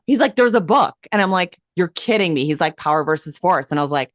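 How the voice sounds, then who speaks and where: A woman guest telling her story in an interview, lively and emphatic, acting out quoted dialogue as she goes. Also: lowish voice, fast, hardly any pauses, no room sound, clean studio sound. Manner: animated, acts out quoted dialogue; emphatic and enthusiastic. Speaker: hypnosis coach and guest.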